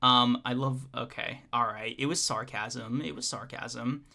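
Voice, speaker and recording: Young male podcast co-host, bright voice, jokey, laughs easily. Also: mid-range voice, fairly even intonation, measured pace, vocal fry, slight background noise. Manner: joking, laughs often, trails off and restarts. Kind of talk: casual livestream chat.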